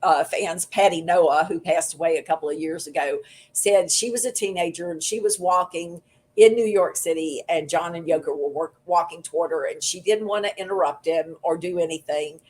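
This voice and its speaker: Speaking at a normal speed in a voice on the low side, a woman guest author chats casually on a podcast. She's an expressive storyteller who performs the quotes in her anecdotes.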